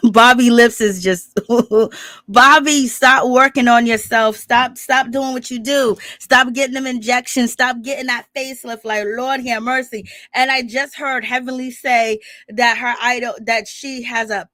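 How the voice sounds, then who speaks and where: Bright-toned woman in chatty rambling commentary. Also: a little high, steady tone, measured pace, no room sound, studio quality. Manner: rambling, chatty, opinionated, laughs often. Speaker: reality TV recap commentator. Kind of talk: casual commentary.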